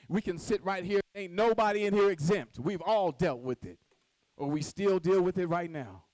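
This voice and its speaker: A woman's voice: on the low side, normal speed, darkish tone, no room sound, rough recording. A woman giving a motivational speech from a podium at a conference, acting out little scenes and quizzing the audience. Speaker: conference speaker. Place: stage at a podium.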